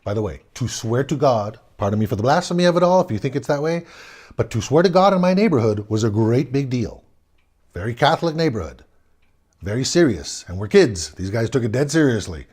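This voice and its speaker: A man telling a spooky childhood story aloud, swinging between loud bursts and hushed tones. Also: medium pitch, big pitch swings, fairly quick, husky. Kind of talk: personal ghost story told aloud.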